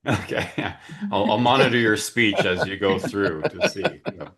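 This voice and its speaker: Deep-voiced man hosting a webinar. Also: moderate pace, fairly bright tone, a little hiss or hum. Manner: chatty, frequent fillers and restarts. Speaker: webinar host. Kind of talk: casual webinar introduction.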